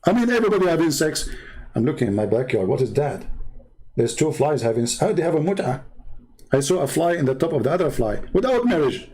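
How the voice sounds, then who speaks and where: A man with a fairly high voice delivers mocking commentary as he reads aloud from a website on screen. He drops into low, dry mutters, then jumps up into high, incredulous exclamations. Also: very animated, fast talker, warm tone, poor audio. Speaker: religious debater.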